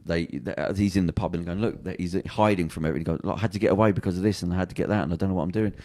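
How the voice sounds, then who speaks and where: Brief: man, podcast co-host, rambling retelling of a TV plot with acted-out quotes; low voice, rapid delivery. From England. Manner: rambling, animated storytelling with acted quotes and restarts. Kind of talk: casual chat, retelling a TV plot.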